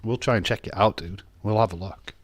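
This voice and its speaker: A man's voice: on the low side, a little fast, dry recording. A man, casually chatting on a live stream and bantering with chat comments, swearing now and then.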